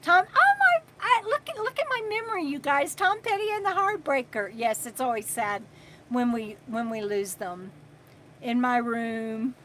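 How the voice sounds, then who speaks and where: A woman in her sixties hosting a casual livestream, chatting and reading viewer comments aloud between pauses. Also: a little high, expressive, a bit bright, slight background noise. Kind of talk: casual live chat.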